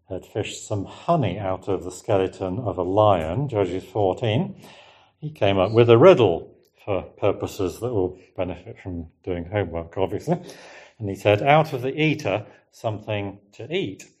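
A man with a fairly low voice gives a relaxed Bible teaching. He muses aloud and keeps checking in with his listeners through rhetorical questions. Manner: conversational, musing, asks the listeners rhetorical questions. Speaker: preacher.

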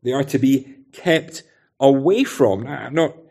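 A man's voice: medium pitch, expressive, a little slow, vocal fry, darkish tone. A man preaching an expository sermon in a conversational way, often adding rhetorical tag questions.

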